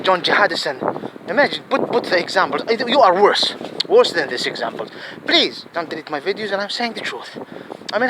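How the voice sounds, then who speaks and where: A man's voice: high-pitched, noisy background. A man vlogging in a rambling opinion monologue, pleading and repeating himself emphatically.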